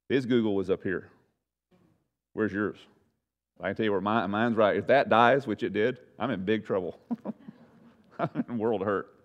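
Folksy, conversational male Bible teacher. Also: on the low side. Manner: conversational, folksy, self-deprecating asides. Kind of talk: bible study lesson.

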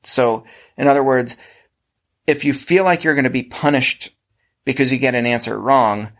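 A man's voice: mid-range voice, normal speed, fairly bright tone. A man with a Pennsylvania accent hosting a casual podcast discussion, explaining at length with frequent restarts. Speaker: podcast host.

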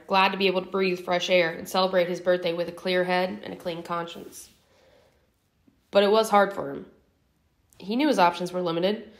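A woman reading a novel aloud as an audiobook narrator in a steady, even storytelling manner. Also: lowish voice. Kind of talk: scripted narration.

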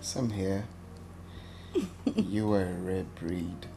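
A man playing a calm, reserved young prince. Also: deep voice, extremely slow, vocal fry, noisy background, exaggerated voice. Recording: echoey room.

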